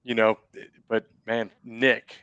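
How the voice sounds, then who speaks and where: A man's voice: lowish voice, completely flat delivery, slow, fairly bright tone, clean tone, no echo, lo-fi sound. A man chatting as a podcast guest, emphatic and enthusiastic, swearing casually. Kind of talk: casual chat.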